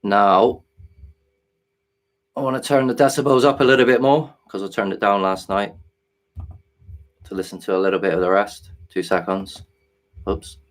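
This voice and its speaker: A man hosting a live stream, talking earnestly and hesitantly while working his software, with frequent restarts. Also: on the low side, fairly even intonation, normal speed, long pauses. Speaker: livestream host.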